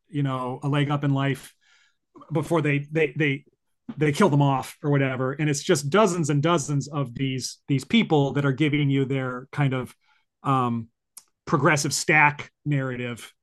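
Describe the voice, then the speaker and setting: Rambling man hosting a podcast. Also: fairly high pitch. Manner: rambling, many fillers and restarts. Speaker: podcast host. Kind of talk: casual conversational podcast chat.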